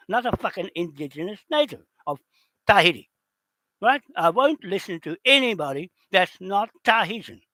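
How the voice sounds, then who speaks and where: A man in an unscripted rant, heated and accusatory, swearing and often shouting. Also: a little high, no echo. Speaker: video host.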